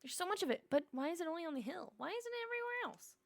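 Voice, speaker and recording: A woman voicing a small, eager, curious rat in a cozy game, asking excited questions. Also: very high voice, very fast, vocal fry, pitched above the performer's own voice, heavily acted.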